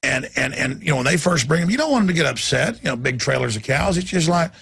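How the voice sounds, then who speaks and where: Gravelly, husky man ranting on air. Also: medium pitch, sing-song, fast talker, a bit bright, no room sound, studio quality. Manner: intense, acts out voices mid-rant. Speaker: talk show host. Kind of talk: impassioned talk-radio rant.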